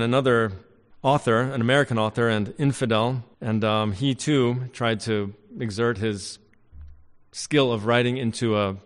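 Male pastor, mid-range voice, emphatic preaching style with loud and quiet swings, long hall reverb. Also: medium pitch. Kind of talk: sermon.

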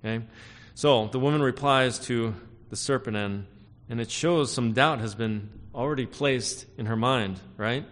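A man's voice: unhurried, a bit bright, big-room sound. A man preaching a sermon as pastor, explaining scripture with frequent "right?" and "okay?" check-ins and rising emphasis on key phrases. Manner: rises in pitch and volume to stress key phrases.

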